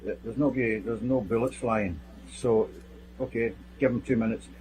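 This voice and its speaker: A man's voice: mid-range voice, moderate pace, darkish tone, poor audio. A middle-aged man testifies as a witness from the security team. He speaks in a blunt, plain-spoken and vivid way, with a mid-range voice and a faint hum behind him. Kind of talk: recounting events in sworn testimony.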